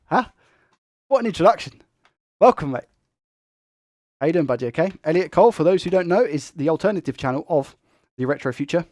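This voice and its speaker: A young man who talks fast and excitably while hosting a tech live stream and reading viewer comments. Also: on the high side, no echo, clean studio sound. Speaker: tech livestream host.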